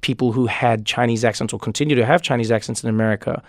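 A man, a comedian and author telling lively stories in a radio interview, often repeating words as he starts a thought. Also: medium pitch, no echo, clean studio sound. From South Africa. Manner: animated storyteller, quick asides, repeats words when starting thoughts.

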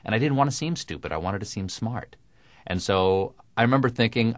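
A man with crisp, precise diction, talking in a dry, self-mocking way as a guest in a radio interview. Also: fairly low pitch, expressive, brisk, dry recording. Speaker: guest comedian.

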